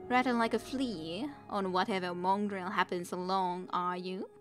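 A woman's voice: mid-range voice, steady tone, moderate pace, music in the background, close to an everyday voice. A woman reading as a haughty scheming queen. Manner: haughty, cutting, commanding. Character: scheming ambitious queen mother, cold and imperious.

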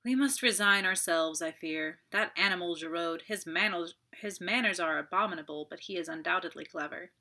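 A woman's voice: fairly low pitch, normal speed, few pauses, bright, forceful tone. A woman voicing a fussy, self-satisfied older French magistrate in an audiobook, pompous and prone to sighing.

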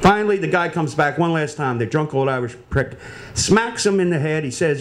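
A man telling jokes on a comedy panel, animated and acting out the voices. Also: fairly high pitch, brisk, slight background noise. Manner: animated storyteller, acts out voices. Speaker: joke-off contestant.

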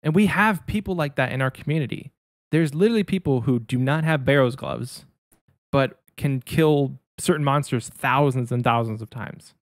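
A man co-hosting a podcast, explaining his view in a measured, agreeable casual chat. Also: mid-range voice, no echo, clean studio sound. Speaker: podcast co-host.

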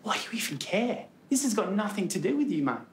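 A man's voice: sits high, big pitch swings, fast talker, echoey room. An actor with an Australian accent playing a fed-up young male retail worker, indignant and sarcastic.

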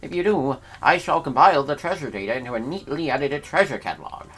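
A man's voice: a little high, animated, quick pace, fairly bright tone, breathy edge, voice pushed up. A man voicing a polite, flustered male treasure appraiser in a formal, put-on accent, reading game dialogue aloud. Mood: courteous.

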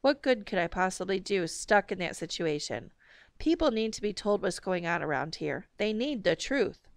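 A woman's voice: medium pitch, expressive, normal speed, dry recording, close to an everyday voice. A woman reading a defiant, self-righteous father. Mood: indignant. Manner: dry, indignant, pleading.

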